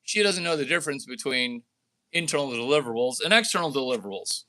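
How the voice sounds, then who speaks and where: Fast, pushed and bright, with lively intonation, the man rambles brashly about deals and cash. The entrepreneur vlogger is provocative, leaping between dramatic pitch swings and mock voices before returning to his own.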